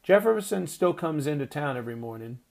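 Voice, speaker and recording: A man's voice: on the high side, lively intonation, brisk, vocal fry, darkish tone, pitched above the performer's own voice. A man reading the part of an older male merchant who gives gloomy, worried warnings.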